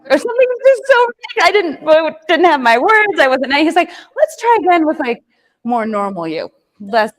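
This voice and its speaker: Woman keynote speaker, high voice, lively storyteller full of asides and quick "right?" check-ins. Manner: animated storytelling, laughs often, acts out her own past lines; frequent tag "right?" and "like" fillers. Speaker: professional speaker. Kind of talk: keynote talk with personal story.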